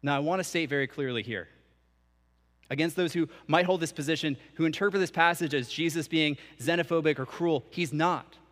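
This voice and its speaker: In a church hall with long reverb, a young preacher who is canon for student ministry weaves scripture together with relaxed, conversational asides. He speaks a little fast, and his voice is fairly high and a bit bright.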